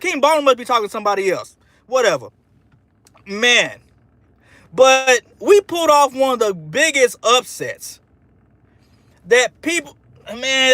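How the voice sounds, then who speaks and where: Brief: excitable male live-streamer, very high and bright voice, trash-talks and rambles, tacks "man" onto every line. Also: no room sound. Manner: fired-up, trash-talking, rambling; peppers speech with "man". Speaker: sports fan livestream host. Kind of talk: casual live-stream reaction while reading chat.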